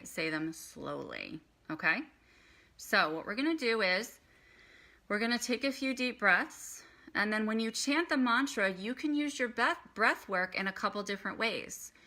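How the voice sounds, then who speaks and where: A woman's voice: medium pitch, normal speed, bright, forceful tone. A woman teaching meditation in a chatty live stream, guiding the listener through breathing and chanting. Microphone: phone.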